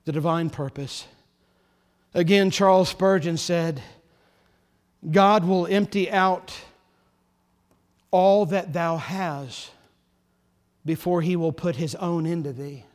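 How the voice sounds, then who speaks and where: A man preaching a sermon as pastor, passionate, his voice swelling loud and then dropping soft. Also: fairly high pitch, fairly even intonation, slow, long pauses. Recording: long hall reverb.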